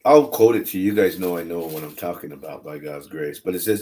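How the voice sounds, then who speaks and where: Deep-voiced man rambling candidly. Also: quick pace, hardly any pauses, warm tone. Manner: candid, repetitive, restarts phrases. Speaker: online religious streamer. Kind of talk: rambling casual livestream talk.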